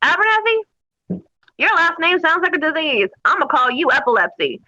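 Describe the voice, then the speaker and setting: A woman putting on a gruff male army drill sergeant who barks crude, mocking insults at recruits. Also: high-pitched, expressive, normal speed, sharp tone, no echo, muffled recording, voice pushed up.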